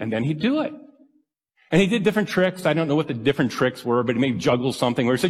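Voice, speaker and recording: A man's voice: on the high side, expressive, quick pace, slightly rough, in a large hall. A man preaching a sermon as pastor, with earnest, emphatic storytelling.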